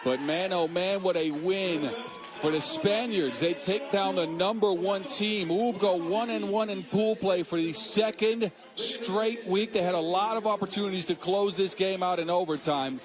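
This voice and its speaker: High-voiced excited male basketball commentator. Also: moderate pace. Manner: excited, shouting at big moments. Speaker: play-by-play commentator. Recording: music playing loud behind the voice. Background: arena music.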